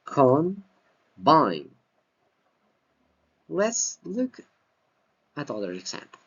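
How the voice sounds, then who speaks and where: A man whose first language is Spanish, teaching English pronunciation and stressing each word slowly and clearly. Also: mid-range voice, big pitch swings, fairly bright tone. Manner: exaggerated word stress, repeats words slowly. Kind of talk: slow deliberate pronunciation lesson. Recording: slightly dull lo-fi recording.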